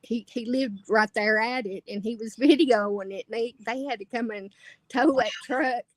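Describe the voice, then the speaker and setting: A woman with a Southern accent joining a casual livestream by audio only, an animated storyteller who laughs a lot and acts out quotes. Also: fairly high pitch, moderate pace, crowd noise. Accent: Southern American. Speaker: co-host, heard only by audio. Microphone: remote audio line.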